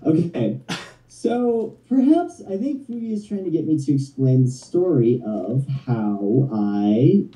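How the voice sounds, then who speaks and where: A man calling in as a guest, chatting casually in a halting, rambling, friendly way. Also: a little high, sing-song, warm tone. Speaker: phone-in guest. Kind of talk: casual chat. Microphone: phone. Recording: echoey phone call from far off.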